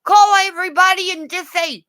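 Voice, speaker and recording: Giggly, foul-mouthed woman with a bright voice. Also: very high-pitched, fairly even intonation, brisk. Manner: laughs constantly, swears freely, teasing and affectionate. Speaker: livestream host chatting with viewers. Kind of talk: casual rambling chat. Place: at home, in bed with her dog.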